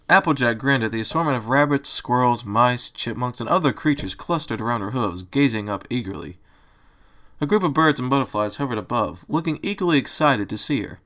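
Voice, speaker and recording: A man reading a fan fiction story aloud in a steady storytelling manner. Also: medium pitch, a little fast. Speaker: storybook reader.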